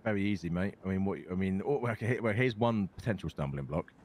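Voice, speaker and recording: A British man with a notably deep, low voice talks in character in a role-play game. He is matter-of-fact and swears casually, and his easy laugh shows through. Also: fast talker, a little mellow.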